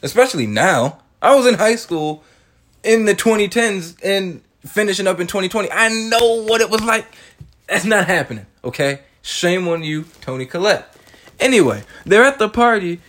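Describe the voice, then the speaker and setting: A man in his twenties recaps a movie in a casual, animated monologue, swearing freely and tossing in joking asides. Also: sits high, moderate pace. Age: 20s. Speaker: film reviewer.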